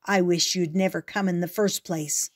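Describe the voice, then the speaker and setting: A woman's voice: fairly low pitch, steady tone, normal speed, a little hiss or hum, natural voice. A woman voicing a grumbling boy pig. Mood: sulky. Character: fretful young boy pig.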